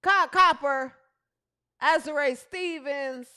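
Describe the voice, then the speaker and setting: Bright, high-pitched woman host. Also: takes it slowly. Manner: chatty, animated, talks to the live chat and fumbles with her setup. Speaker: podcast host. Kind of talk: casual livestream chat about women's basketball.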